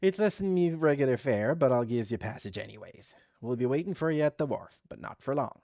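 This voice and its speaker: A man voicing a drunken, gruff male pirate captain in a game let's play, with slurred, boisterous pirate talk. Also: mid-range voice, animated, fairly quick, dark tone, no echo, studio quality, natural voice.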